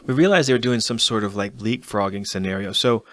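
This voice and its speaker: Guy hosting a chatty talk, tells stories with energy, lowish voice, dry sound. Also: a little fast, no echo. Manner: lively storyteller recounting a race. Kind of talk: casual conversation.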